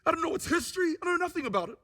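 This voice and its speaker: Testimony speaker: man, very high and bright voice, lively storyteller. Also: racing. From New Zealand. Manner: animated storyteller who acts out what people said. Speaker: guest speaker giving a testimony.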